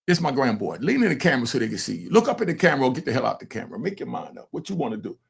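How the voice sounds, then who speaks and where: An older man and grandfather hosting a casual commentary show, animated and talking straight to his viewers. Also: medium pitch, very fast, creaky, breathy edge. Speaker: commentator host.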